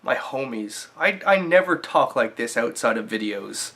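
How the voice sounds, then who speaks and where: A man's voice: mid-range voice, big pitch swings, normal speed, sharp tone. A man talking to the camera in a casual vlog, earnest and reflective in a chatty way. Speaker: vlogger.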